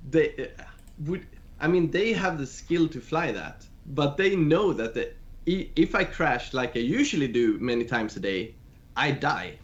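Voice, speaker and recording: A man's voice: fairly high pitch, big pitch swings. A man from Sweden with a Swedish accent, chatting casually as co-host and often restarting his sentences. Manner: halting, restarts a lot. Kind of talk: casual chat on a video call. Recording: dull lo-fi remote call audio.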